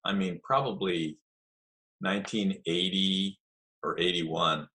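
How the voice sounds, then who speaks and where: A middle-aged man telling a story in a relaxed, chatty way, acting out the voices of the people in it. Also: low voice, slow. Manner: animated storyteller, acts out quoted voices. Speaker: guest telling stories of early jiu-jitsu. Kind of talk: casual storytelling.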